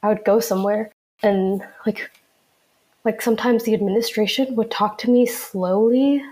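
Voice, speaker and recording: A woman's voice: medium pitch, steady tone, normal speed, warm tone. A young American woman co-hosting a podcast, talking reflectively and casually with many "like" fillers. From United States. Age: young adult. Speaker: podcast co-host.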